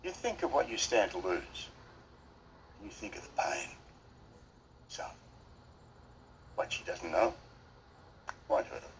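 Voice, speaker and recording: A man's voice: low voice, huge pitch swings, takes it slowly, pauses often, noisy background, heavily acted. An actor in a TV drama, playing a man who lectures in a stern, cold way. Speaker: soap opera character. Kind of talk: TV drama acting.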